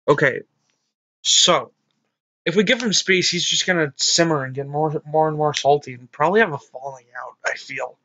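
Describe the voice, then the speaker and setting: Bright-voiced man narrating a visual novel. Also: mid-range voice, fairly even intonation, fairly quick, poor audio. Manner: reads narration softly, jokes loudly in asides. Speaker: let's play host reading a visual novel. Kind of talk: narrating and commenting on a game. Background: faint game music.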